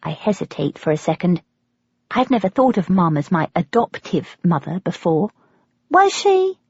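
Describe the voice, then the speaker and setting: A woman with an English accent narrating an audiobook in first person, wry and lively. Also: on the low side, moderate pace, creaky, breathy edge, dry recording. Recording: dull, lo-fi, dry.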